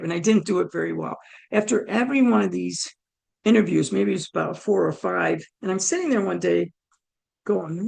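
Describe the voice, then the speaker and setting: Woman guest, mid-pitched voice with vocal fry, animated personal storyteller. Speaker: guest speaker.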